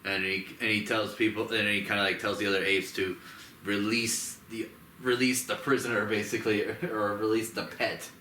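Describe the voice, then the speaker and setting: A man in casual chat about a movie, rambling with fillers and jumping into squeaky high voices for quotes. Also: flat delivery, normal speed, bright, forceful tone. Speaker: co-host. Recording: roomy echo with faint noise.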